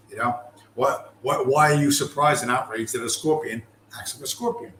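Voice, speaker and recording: A man's voice: medium pitch, moderate pace, a bit bright, reverberant, a little hiss or hum, rough recording. A man delivering a profane, contemptuous ranting monologue, aggressive and heavy with swearing. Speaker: commentator.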